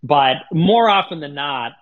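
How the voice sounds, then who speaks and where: A man's voice: on the high side, lively intonation, a little slow, narrow, tinny audio. A man talking in a casual podcast chat as an online commentator, rambling and crude, with lots of fillers.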